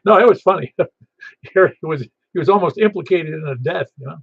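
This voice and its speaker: A man's voice: a little high, animated, fairly quick, gravelly, breathy edge, no room sound. A man hosting an amateur radio net in casual chat, rambling and telling stories with many restarts. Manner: rambling, chatty, self-interrupting storyteller. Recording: slightly muffled lo-fi audio.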